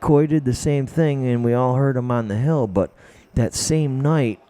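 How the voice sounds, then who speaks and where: A man's voice: mid-range voice, normal speed, dark tone, clean tone. A man telling profane, rambling stories as a podcast guest, repeating his words as he goes. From United States. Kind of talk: casual storytelling.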